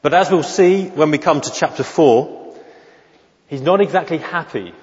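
A man preaching an expository sermon in church, measured and emphatic, often asking rhetorical questions. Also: fairly high pitch. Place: church during a worship service. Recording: dull lo-fi recording with long hall reverb.

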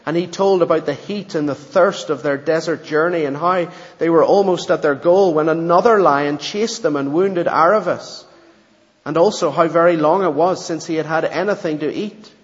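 A man preaching a sermon and reading a story aloud, in a measured, earnest way. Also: a little high, long reverb tail, muffled recording. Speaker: pastor.

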